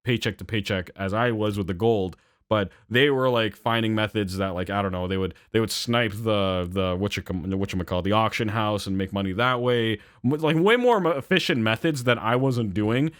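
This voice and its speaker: A young man telling a story in a casual rant, rambling and animated, with swearing and frequent fillers and self-corrections. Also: lowish voice, moderate pace, hardly any pauses, no echo, clean studio sound. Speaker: channel host.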